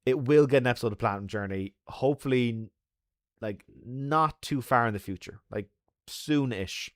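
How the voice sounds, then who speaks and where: Speaking at a normal speed in a medium-pitched voice, a man from Ireland runs a live stream where he reads viewers' comments. His chat is loose and jokey, full of laughter and fillers, and the audio is clean studio sound with no echo.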